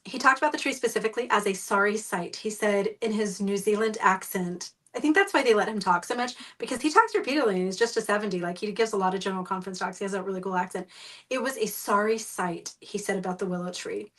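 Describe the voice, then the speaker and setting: A woman's voice: medium pitch, fast talker, few pauses, fairly bright tone, distant mic. A woman host in casual podcast talk, blunt and sarcastic, who swears freely.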